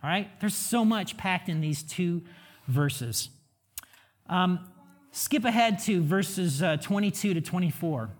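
A man's voice: high voice, lively intonation, takes it slowly. A middle-aged man, a pastor and father, preaching a conversational sermon full of rhetorical questions.

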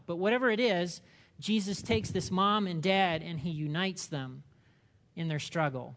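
A male pastor preaches a sermon in a church, his voice sitting a little high for a man. He talks in an animated way, acting out the voices of people in the story and putting questions to the congregation. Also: normal speed.

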